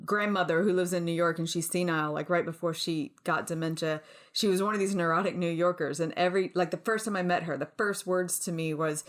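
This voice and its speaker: A woman's voice: lowish voice, steady tone, a little fast. A woman co-hosting a podcast, chatting casually in a wry way and laughing easily. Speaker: podcast co-host. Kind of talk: casual chat.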